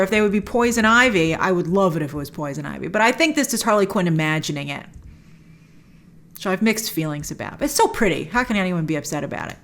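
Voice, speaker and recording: Animated, chatty woman reacting to a trailer. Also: medium pitch. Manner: chatty, opinionated, quick asides and quoted voices. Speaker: host of a film trailer reaction show. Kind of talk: casual trailer reaction commentary.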